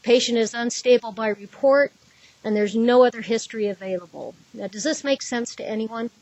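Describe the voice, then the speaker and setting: A woman lectures on emergency trauma care, talking through patient scenarios in a plain, direct way. Her voice sits a little high. The recording is dry and slightly dull. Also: fairly quick, darkish tone, no echo. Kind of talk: conversational lecture.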